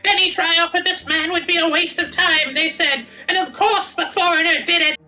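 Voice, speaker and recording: Woman voicing a high, anxious young student. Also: fairly even intonation, moderate pace, pushed and bright, soft background music, heavily acted, rough recording. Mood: bitter. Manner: anxious, self-pitying, clingy. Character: despairing young male foreign student accused of murder. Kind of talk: reading a visual novel aloud.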